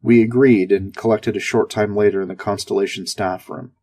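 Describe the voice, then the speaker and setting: A man's voice: on the low side, steady tone, a little fast, a little mellow. A man narrating a first-person sci-fi story in a sardonic, darkly comic tone.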